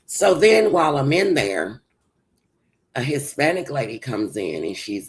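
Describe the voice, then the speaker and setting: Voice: mid-range voice, very animated, measured pace, poor audio. A livestream host telling a personal story, rambling and circling back with many restarts.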